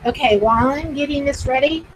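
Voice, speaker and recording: A woman hosting a live paranormal session who talks excitedly, laughs often and repeats herself. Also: high-pitched, a little fast, background noise. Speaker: paranormal livestream host.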